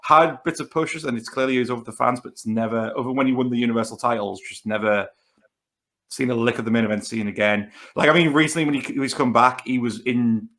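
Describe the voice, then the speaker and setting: A man with a North East English accent, speaking at a middle pitch as he co-hosts a relaxed podcast. He works through his argument at length, often backing up to restart a phrase. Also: fast talker. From North East England. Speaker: podcast co-host. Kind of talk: casual podcast chat.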